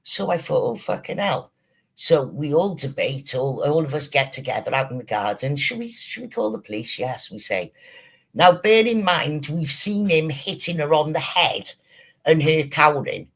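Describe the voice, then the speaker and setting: A man hosting a livestream, telling stories in a casual, animated way with plenty of swearing. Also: on the high side, moderate pace. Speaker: streamer host.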